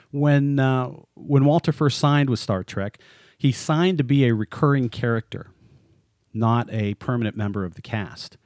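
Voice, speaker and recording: A man co-hosting a podcast, talking in a relaxed, chatty way and often breaking into laughter between phrases. His voice sits at an ordinary middle pitch. The sound is close and dry, with no room echo. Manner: chatty and joking, laughs often mid-sentence. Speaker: podcast co-host. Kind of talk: casual podcast chat.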